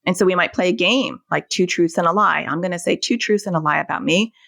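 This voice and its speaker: Woman therapist guest, low voice with a gravelly edge, explains patiently through family examples, dry close sound. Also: fast, fairly bright tone, no echo. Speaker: anxiety and OCD therapist, guest. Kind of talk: podcast interview, explaining.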